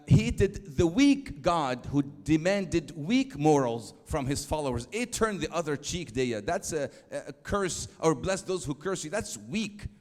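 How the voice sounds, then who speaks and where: A man's voice: a little high, darkish tone. Man lecturing in an echoing hall. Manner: emphatic, slow for quotes, asks the audience questions. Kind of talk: church youth lecture. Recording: long hall reverb.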